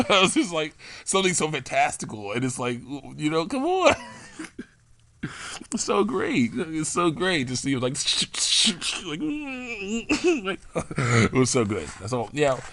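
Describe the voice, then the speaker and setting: A man's voice: fairly high pitch, very animated, unhurried, bright, forceful tone, slight background noise. A young man casually rambling about the game characters he makes, laughing often and restarting his sentences. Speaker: hobbyist game-character maker.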